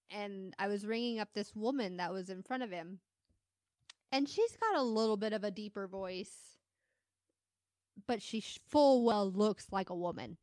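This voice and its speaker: A woman who is a mother, chatting casually as a podcast co-host, telling animated stories, laughing often and acting out what people said. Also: mid-range voice, no room sound, clean studio sound. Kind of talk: casual storytelling chat.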